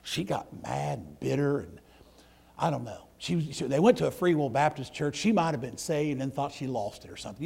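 Middle-aged man, preacher, folksy sermon storyteller, gravelly and breathy, leaps from shouting to a hush. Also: mid-range voice, expressive, brisk. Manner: folksy, swings from loud outbursts to hushed near-whispers.

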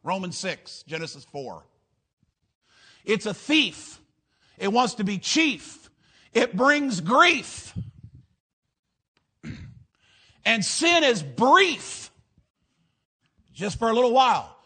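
Male preacher, high voice, rhythmic rhyming delivery, shouts for emphasis. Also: very animated, slow pace, long pauses, slightly rough. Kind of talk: fiery sermon.

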